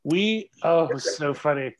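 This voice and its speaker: A middle-aged actor chatting as a guest over a video call, telling animated stories and laughing often. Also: male voice, fairly high pitch, moderate pace. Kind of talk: casual video call interview.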